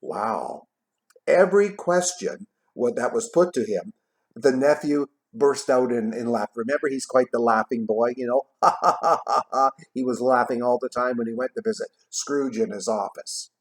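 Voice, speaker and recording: A man casually retelling a classic story in a vlog, tossing in jokey asides and trailing off quietly at the ends of his thoughts. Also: medium pitch, moderate pace. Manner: chatty, jokey, adds asides while retelling. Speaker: vlogger reading a classic novel aloud.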